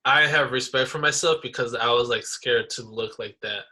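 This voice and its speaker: A man co-hosting a podcast, telling stories in a casual, animated way, full of slang like bro and dude. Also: medium pitch, normal speed. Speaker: podcast co-host. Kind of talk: casual chat.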